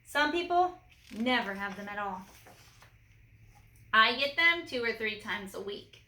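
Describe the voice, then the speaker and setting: A woman's voice: a little high, expressive, measured pace, bright, forceful tone, reverberant. A woman reading a children's storybook aloud, shifting her voice for each character.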